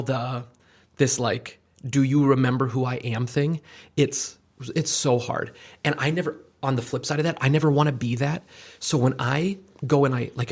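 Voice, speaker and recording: A man hosting a podcast, chatting casually and telling an animated story, acting out the voices of the people in it. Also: medium pitch, creaky. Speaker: podcast host. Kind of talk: casual chat.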